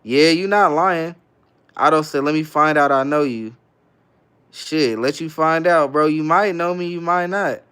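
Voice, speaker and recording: A man's voice: fairly high pitch, measured pace, fairly bright tone, clear, resonant tone. A young man from the Bay Area hosting a livestream in a laid-back, slangy way, reading viewer comments aloud and answering each one. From San Francisco Bay Area, California. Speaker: livestream host. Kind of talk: casual live-stream chat, reading viewer comments aloud.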